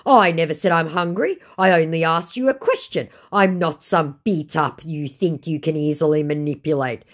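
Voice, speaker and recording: A woman voicing a cocky, menacing male online scammer, read out in a slow, drawn-out, mocking way. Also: low voice. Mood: offended.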